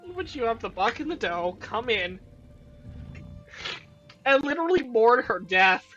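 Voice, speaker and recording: A woman hosting casual film commentary, excitable and profane, with emotional outbursts. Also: on the high side, a little slow, lo-fi sound, soft background music. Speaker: channel host reviewing films.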